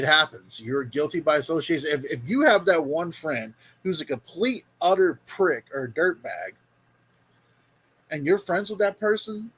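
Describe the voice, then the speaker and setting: A man's voice: on the high side, fairly bright tone, slightly rough, rough recording. A man hosting a reaction video, giving blunt, profane advice in casual commentary. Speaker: vlog host reacting to a video.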